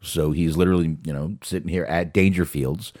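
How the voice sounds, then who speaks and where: A man's voice: sits low, steady tone, brisk, a little mellow, dry recording, clean studio sound. A man casually commenting on clips he plays, chatty and full of fillers. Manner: chatty, filler-heavy narration. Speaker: host reacting to clips.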